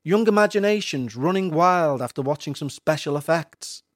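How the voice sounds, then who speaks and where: A man playing a sceptical priest who speaks in a calm, sarcastic, condescending way. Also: fairly high pitch, normal speed, no echo, studio quality, lightly acted. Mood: soothing. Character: sceptical, patronizing middle-aged male priest.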